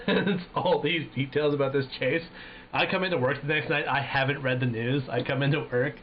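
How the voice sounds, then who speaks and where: Homem com som fino de telefone, falando palavrões. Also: male voice, mid-range voice, brisk. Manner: profane, animated, acts out voices in anecdotes. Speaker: streamer. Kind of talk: casual storytelling chat. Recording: tinny phone-like sound with faint noise.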